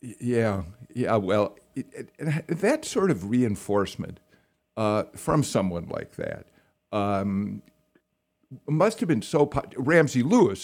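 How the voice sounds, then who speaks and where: Gravelly, lively male radio host. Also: on the low side. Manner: halting questions full of fillers and restarts. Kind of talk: radio interview.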